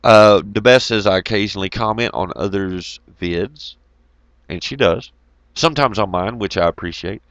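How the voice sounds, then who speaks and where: A man's voice: on the low side, normal speed, a bit bright, clear, resonant tone, no echo, muffled recording. A man giving a profane, rambling, jokey monologue to his viewers, laughing often. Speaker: YouTube commentator. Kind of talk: casual ranting monologue.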